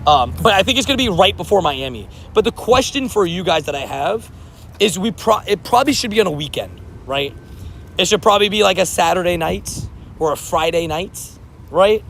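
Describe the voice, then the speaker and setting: A man's voice: high voice, expressive, a little fast, vocal fry, a bit bright. A man hosting a live stream outdoors near traffic, chatting casually and rambling while laughing easily with viewers.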